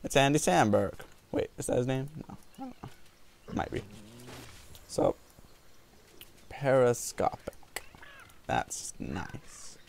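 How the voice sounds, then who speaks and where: A man giving jokey, rambling let's-play commentary on a video game, with sudden whoops and yells. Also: mid-range voice, wildly swooping pitch, slow, creaky, pauses often, a little hiss or hum. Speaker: gaming video host.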